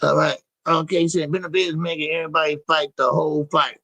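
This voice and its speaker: A man's voice: on the high side, flat delivery, fast talker, vocal fry, bright, forceful tone, no echo, rough recording. A man hosting a live boxing talk stream, reading chat messages and talking in a loose, slangy, repetitive way. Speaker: boxing show host.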